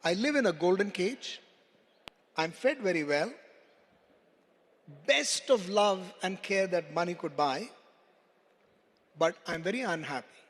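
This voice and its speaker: A man voicing a wise female parrot in a told story, pleading and then calm. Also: high-pitched, a little slow, long pauses, full character voice. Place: large conference hall. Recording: long hall reverb.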